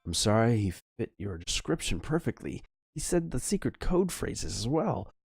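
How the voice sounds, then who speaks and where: A man's voice: mid-range voice, very animated, moderate pace, creaky, a little mellow, slightly rough, dry recording, studio quality, soft background music, voice pushed up, heavily acted. A man voicing a nervous, stammering female shop clerk who is a secret spy contact in an old adventure game. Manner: stammering, fearful.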